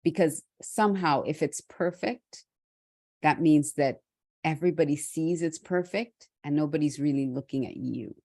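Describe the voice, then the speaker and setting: A middle-aged woman from Trinidad hosting a motivational talk, speaking candidly and reflectively with restarts and soft laughs. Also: sits low, moderate pace, no room sound, studio quality. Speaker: host.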